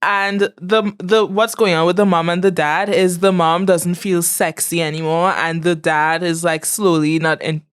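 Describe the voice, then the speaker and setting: A woman's voice: lowish voice, fairly even intonation, normal speed, hardly any pauses, smooth. A woman co-hosting a podcast, casually brainstorming a comedic story with playful giggles. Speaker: podcast co-host.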